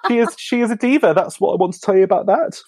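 An English man with a slight lisp, a comedian chatting casually as a podcast guest and telling animated stories. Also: sits high, fast talker, no room sound. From England.

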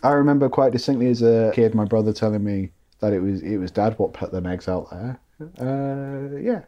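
A man in casual podcast chat, trading deadpan jokes with halting starts. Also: lowish voice, muffled recording. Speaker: podcast co-host or guest.

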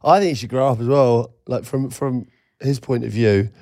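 A man's voice: medium pitch, moderate pace, no echo, clean studio sound. A young man co-hosting a podcast, teasing and joking in casual banter. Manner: teasing, joking, deadpan wind-ups. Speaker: podcast co-host.

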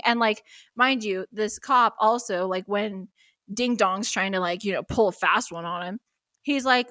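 Young female co-host, bright crisp voice, fast filler-heavy storytelling, dry close sound. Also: mid-range voice, dry recording. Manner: animated, laughing, lots of fillers. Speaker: podcast co-host. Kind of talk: casual storytelling chat.

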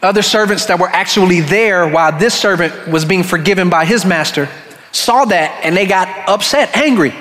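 A man preaches in a relaxed, conversational way and slips into short dramatic voices for the people in his story. His voice sits high, and the sound rings out with the long reverb of a church sanctuary. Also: normal speed. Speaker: pastor. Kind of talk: sermon.

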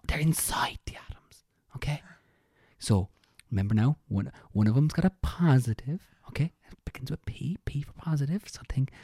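A woman voicing an overhelpful female exam invigilator in a whispered role-play, dropping hints in a loud stage whisper. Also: very deep voice, slightly rough, dry recording, clean studio sound, exaggerated voice.

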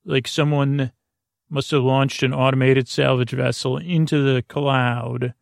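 Man, gravelly voice, rambling improvised storyteller, chatty and loose, dry close sound. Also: medium pitch, little pitch movement, measured pace, no echo. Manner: rambling, conversational, addresses the listener as pen pal. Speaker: storyteller host.

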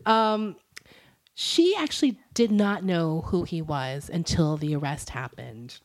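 Chatty, laughing woman with a low-pitched voice. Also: lively intonation, unhurried, long pauses. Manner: chatty, laughs often, many fillers. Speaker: podcast co-host. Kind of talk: casual storytelling chat.

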